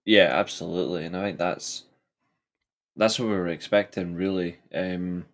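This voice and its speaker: A man's voice: sits low, fairly even intonation, moderate pace. A man talks football on a podcast. He is blunt and heated, pushing his opinions hard in casual chat. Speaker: podcast co-host.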